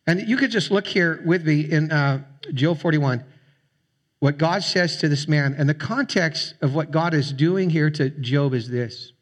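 A man's voice: fairly high pitch, unhurried. A man preaching a sermon as a pastor, speaking conversationally with frequent fillers and restarts. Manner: conversational, with fillers and repeated words.

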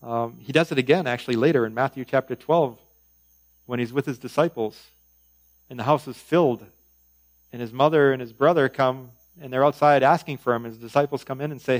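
A man preaching in a relaxed, conversational way, his voice at an ordinary middle pitch. He drifts between reading scripture and chatty asides, often pausing on "um" and "you know". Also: rough recording. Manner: conversational, with frequent fillers and asides. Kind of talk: sermon.

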